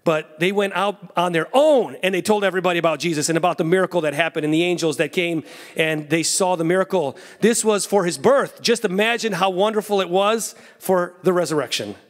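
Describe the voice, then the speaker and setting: A man in his thirties with a slightly high voice preaches a church sermon. He tells the story animatedly, dropping to soft low asides and then rising into excited lines. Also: brisk. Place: church sanctuary.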